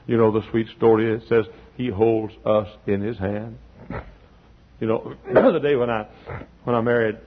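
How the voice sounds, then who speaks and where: A man preaching a sermon, telling stories that swell into loud peaks. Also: fairly low pitch, gravelly, slightly rough, phone-quality sound. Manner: storytelling, swells to shouting peaks. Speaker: pastor.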